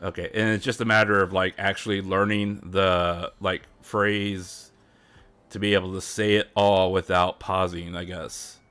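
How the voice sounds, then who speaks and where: A deep-voiced man with little pitch movement speaks at a measured pace, his tone smooth and a bit bright. Live-streaming his Japanese practice, he chats in a rambling way and keeps chuckling while sounding out words.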